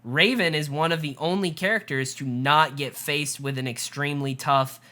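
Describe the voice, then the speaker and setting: A woman co-hosting a casual TV recap chat, retelling scenes with lively quoted asides. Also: low-pitched, normal speed. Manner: chatty, animated retelling with quoted asides and laughs. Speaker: podcast co-host.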